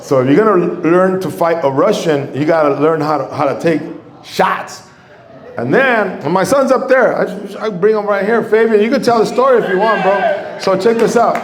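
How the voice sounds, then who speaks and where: Middle-aged comic, kinda high voice, rambling and swearing, echoey club room. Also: male voice, normal speed. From Mexico. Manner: profane, rambling, animated with quoted voices. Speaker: stand-up comedian. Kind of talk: stand-up storytelling. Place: comedy club stage.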